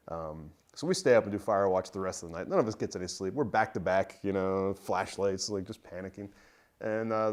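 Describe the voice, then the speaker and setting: A man's voice: lowish voice, a little mellow. A young man casually telling a personal army story, rambling with plenty of fillers. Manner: loose and rambling, many fillers. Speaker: interviewee.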